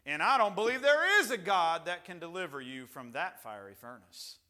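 A man's voice: high-pitched, sing-song, moderate pace, sharp tone, full character voice. A preacher putting on a scornful tyrant king. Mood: menacing. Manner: taunting, domineering.

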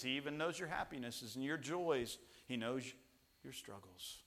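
A man, a pastor and father, preaching a sermon mixed with family stories, swinging from loud emphasis to hushed tones. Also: medium pitch, lively intonation, normal speed. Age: young children at home, father.

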